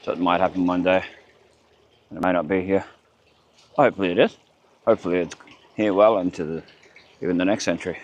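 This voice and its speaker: A man's voice: deep voice, steady tone, fast, pauses often. An Australian man chatting in a rambling way while he narrates a walking vlog outdoors by a waterfront, recorded on a handheld camera. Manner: rambling, chatty, muttering asides. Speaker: vlogger. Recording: dull lo-fi camera audio with faint outdoor noise.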